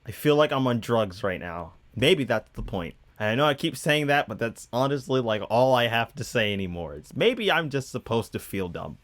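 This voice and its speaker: A man's voice: mid-range voice, expressive, moderate pace, few pauses, a bit bright. A man giving casual movie reaction commentary, incredulous and rambling with exasperated asides. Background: movie audio playing.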